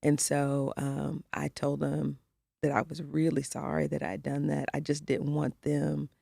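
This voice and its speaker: A woman's voice: deep voice, completely flat delivery, unhurried, gravelly, dark tone, no echo, clean studio sound. A middle-aged woman co-hosting a podcast, telling a personal story in candid casual conversation and acting out the voices of the people she quotes. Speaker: podcast co-host.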